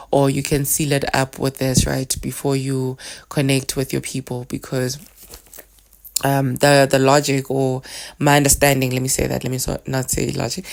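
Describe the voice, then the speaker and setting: A woman hosting a podcast, explaining a spiritual practice in a soft, meandering way and leading chanted names. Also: rumbling low, creaky. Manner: soft-spoken and meandering, with many fillers. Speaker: podcast host.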